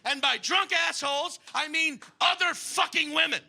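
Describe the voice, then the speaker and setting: A man doing a stand-up comedy set on a club stage, profane and animated, acting out characters. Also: extremely high pitch, moderate pace, creaky.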